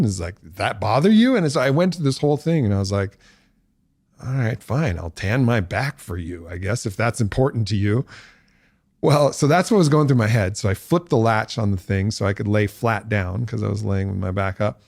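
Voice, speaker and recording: A man with a fairly low voice speaks as a podcast guest, recorded close and dry with no room sound. He talks in a reflective, candid way, slows to weigh his words, then turns lively and laughs as his storytelling builds. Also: dry recording. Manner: reflective, animated when telling a story, laughs often.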